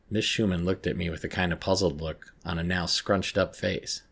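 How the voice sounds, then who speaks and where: A man narrating a first-person horror story in a measured, tense way. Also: deep voice, fairly even intonation, gravelly, fairly bright tone, husky.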